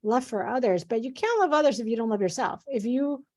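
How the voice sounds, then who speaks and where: Middle-aged woman, physician guest, earnest and animated, fairly high voice. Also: brisk. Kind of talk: conversational interview.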